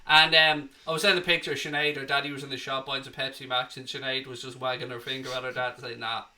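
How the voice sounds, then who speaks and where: A man's voice: medium pitch, level tone, fast talker, sharp tone. An Irish man hosting a live football watchalong, chatting cheekily and reading out viewer comments. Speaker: host.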